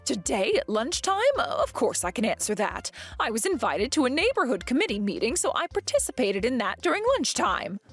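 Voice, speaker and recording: A woman's voice: on the high side, sing-song, a little fast, few pauses, a bit bright, slightly rough, faint music behind, exaggerated voice. A woman voicing a domineering middle-aged mother-in-law who accuses and bullies, in a dramatized text-message story. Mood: defensive. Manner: accusing and self-righteous.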